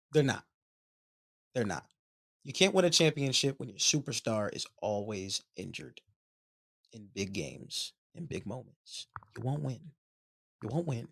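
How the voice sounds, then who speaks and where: A man with a lively, swooping voice, pitched slightly high, drives home his opinions by saying them again and again. The sound is dry and close, like casual podcast banter. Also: creaky, no echo. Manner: emphatic, repetitive, swearing sports takes. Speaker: podcast co-host.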